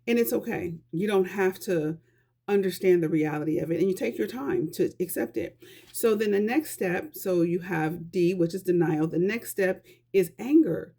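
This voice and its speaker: A woman's voice: lowish voice, normal speed, creaky, warm tone. A woman talking earnestly and conversationally to her viewers in a casual vlog, giving life advice. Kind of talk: casual talk to camera.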